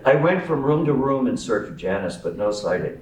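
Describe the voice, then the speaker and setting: A man's voice: mid-range voice, sing-song, a little fast, a little hiss or hum. A man reading his memoir aloud at a live event, with wry, amused storytelling. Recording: roomy sound from a distant mic.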